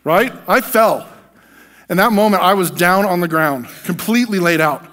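A man's voice: high-pitched, lively intonation, moderate pace, fairly bright tone. An American man preaching from the pulpit, telling a personal testimony in an earnest, emotional way.

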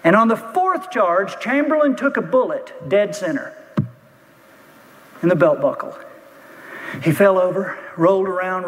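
A man telling a story in a speech, building tension with vivid detail and pauses. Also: high voice, a bit bright, in a large hall, poor audio. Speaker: speaker.

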